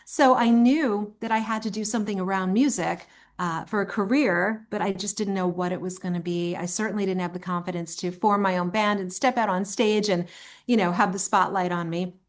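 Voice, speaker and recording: A woman's voice: medium pitch, fairly even intonation, a little fast. Woman telling a long personal story. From Long Island, New York. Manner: warm, reflective storyteller with frequent fillers. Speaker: singer and songwriter, interview guest. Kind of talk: storytelling in a casual interview.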